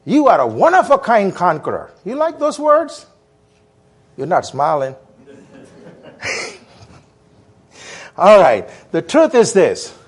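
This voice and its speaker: A man delivers a sermon with a high voice that leaps up and down. He drives points home with emphatic repetition and calls the congregation to answer back. He sounds like a guest preacher speaking in a church. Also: wildly swooping pitch, slow, pauses often, husky. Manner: emphatic call-and-response preaching.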